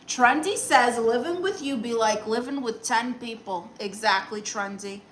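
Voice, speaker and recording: A woman's voice: on the high side, measured pace, fairly bright tone, a little hiss or hum, low-quality recording. A woman streaming live in a comic aunt persona, reading chat messages aloud and firing back sassy, dry comebacks.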